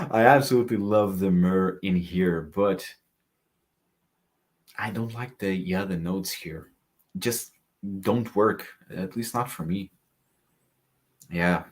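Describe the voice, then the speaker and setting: Very low-voiced man reviewing fragrances. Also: slow, long pauses. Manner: chatty, reads live chat comments aloud. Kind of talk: casual livestream review.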